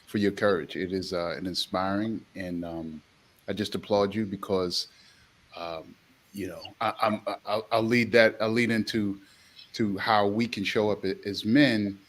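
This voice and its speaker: A man in his forties, a chef, speaking on a panel in a halting way with many fillers and restarts. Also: fairly low pitch, steady tone, a bit bright. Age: 40s. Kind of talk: panel discussion.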